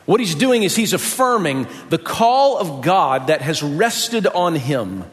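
A man from the US South preaching a sermon as pastor, folksy and lively, joking about his own mother. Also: on the high side, takes it slowly. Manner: animated, folksy, jokes about his mom with playful impressions. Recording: long hall reverb.

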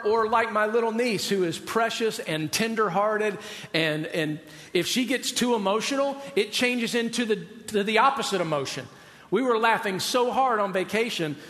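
High-voiced pastor preaching in a reverberant hall. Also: male voice, a bit bright. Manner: conversational, asks the audience questions. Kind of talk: sermon.

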